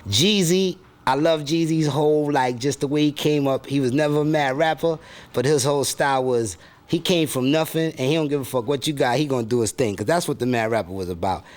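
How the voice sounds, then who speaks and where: A man with a New York accent voicing a bitter, boastful male rapper persona who curses and brags loudly. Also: medium pitch, a little fast, pitched above the performer's own voice, natural voice. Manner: brash, cursing, boastful.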